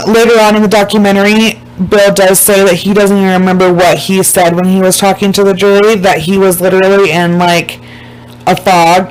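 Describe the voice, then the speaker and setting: A woman casually recapping a documentary to her viewers, emphatic and blunt, swearing freely and slowing down to stress the points that upset her. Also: fairly low pitch, low-quality recording.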